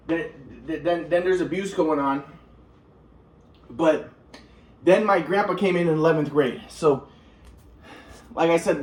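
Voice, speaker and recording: A man telling his own story in a rambling way, restarting sentences and repeating words. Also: fairly high pitch. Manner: acts out quotes of others. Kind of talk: casual storytelling monologue.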